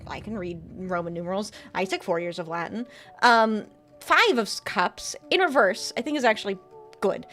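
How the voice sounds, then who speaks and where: A woman's voice: on the high side, a bit bright. A young woman streaming a game live, chatting and joking with her viewers and reading tarot cards aloud. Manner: giggly, jokey, reads chat and tarot cards aloud. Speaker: VTuber streamer.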